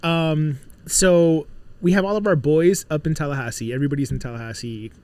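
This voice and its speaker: A man from Miami, in his thirties, tells stories in a casual chat, and his voice sits a little high. He is animated and acts out the voices of the people he quotes. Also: fairly quick. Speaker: podcast guest, musician.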